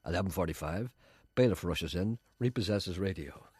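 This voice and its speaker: A man's voice: sits low, animated, moderate pace, background noise. A middle-aged man presenting radio, dry and self-mocking as he reads out listener letters. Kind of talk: wry radio chat with comic readings. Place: radio studio.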